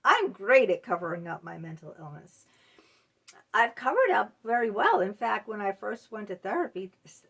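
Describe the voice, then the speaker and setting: A woman's voice: mid-range voice, very animated, normal speed, gravelly, a bit bright, husky. A middle-aged woman hosting her own channel, talking straight to camera in a candid, confessional way that often halts on fillers and restarts. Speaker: channel host. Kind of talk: confiding to-camera monologue.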